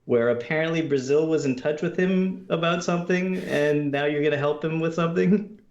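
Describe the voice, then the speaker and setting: A man's voice: on the high side, normal speed. Male co-host from Canada, teasing, roomy and dull lo-fi sound. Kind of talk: casual chat on a livestream.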